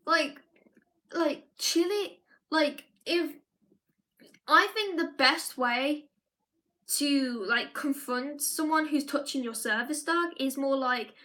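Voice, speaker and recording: A woman's voice: high voice, slow, pushed and bright. A young woman in a casual live-stream monologue, rambling and restarting her sentences often. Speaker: live vlogger.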